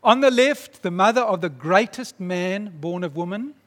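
A man preaching, retelling a story in a dramatic, animated way. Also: sits high, normal speed. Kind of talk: sermon storytelling. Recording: long reverb in a large hall.

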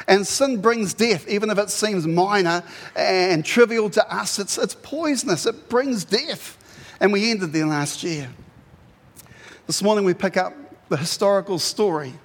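A man preaches a sermon with a high, bright-sounding voice, retelling the story in an animated way and breaking into loud acted-out quotes. His voice rings with a long reverb from the hall he is speaking in. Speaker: pastor.

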